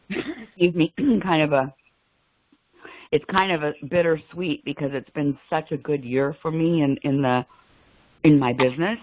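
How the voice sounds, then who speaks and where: A woman on a group video call, speaking earnestly with frequent laughs and halting restarts. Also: low voice, no echo. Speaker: call participant. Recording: slightly muffled call audio.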